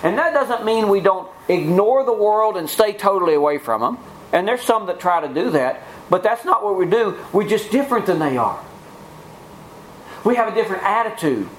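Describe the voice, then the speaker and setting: A man delivers an earnest sermon in a high, sing-song voice at normal speed, frequently restarting his phrases and mimicking scoffers. The recording is rough, with a little hiss or hum.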